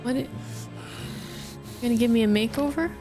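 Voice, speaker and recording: A woman's voice: a little high, normal speed, music in the background. A woman streamer giving chatty, sarcastic live commentary while playing a game.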